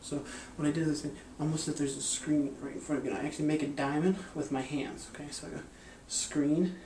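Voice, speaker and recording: A man's voice: a little high, little pitch movement, fast talker, darkish tone, reverberant, distant mic, slight background noise. Rambling man teaching a magic trick. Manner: rambling, hesitant, with many fillers and restarts. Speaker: magic and hypnosis instructor. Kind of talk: casual instructional explanation.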